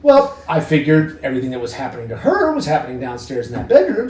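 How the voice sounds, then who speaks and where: Guy, middle-aged, telling his story all lively and up and down, mic far off in an echoey room. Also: medium pitch, fast. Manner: animated, acts out his own past lines, swears freely. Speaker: homeowner. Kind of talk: casual storytelling in an interview. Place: inside a house. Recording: roomy sound from a distant mic.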